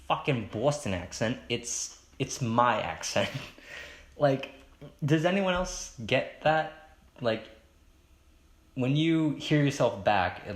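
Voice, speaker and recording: A young man hosting a solo podcast, rambling and hesitant with many fillers and restarts, in a fairly monotone baritone. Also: reverberant. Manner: self-conscious, chatty. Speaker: podcast host. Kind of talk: solo casual podcast monologue.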